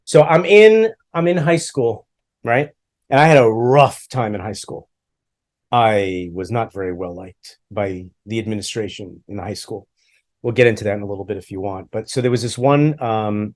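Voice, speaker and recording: A man's voice: fairly low pitch, darkish tone. Joking, self-mocking male podcast co-host. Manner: joking, self-deprecating, acts out quotes. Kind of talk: casual storytelling chat.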